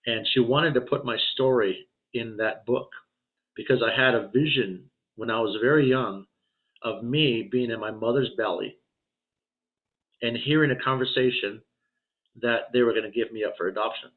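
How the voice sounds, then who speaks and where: A man's voice: medium pitch, normal speed. A man in his fifties, a spiritual healer and podcast guest, telling his life story casually in a rambling way, with lots of "you know" and restarts. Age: 50s. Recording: tinny phone-like line.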